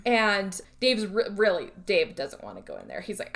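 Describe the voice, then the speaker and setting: Casting note: woman co-host, easygoing chatter, voices characters in quick asides, salty language. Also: medium pitch. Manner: lively retelling, acting out characters' lines, swearing. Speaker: podcast co-host. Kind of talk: casual movie recap chat.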